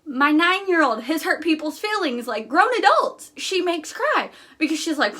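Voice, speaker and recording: A woman's voice: sits high, very animated, moderate pace, pushed and bright. A young woman hosting a casual live stream, talking bluntly and candidly with lots of fillers.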